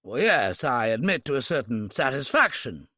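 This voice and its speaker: A man's voice: mid-range voice, big pitch swings, moderate pace, pushed and bright, dry recording. A man voicing a weary, commanding older British brigadier in an audiobook, exasperated and dry.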